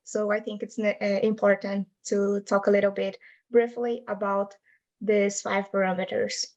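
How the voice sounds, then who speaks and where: A woman's voice: mid-range voice, flat delivery, moderate pace, darkish tone, low-quality recording. A young adult woman presenting her linguistics research in an academic talk over a video call, explaining patiently in non-native English phrasing.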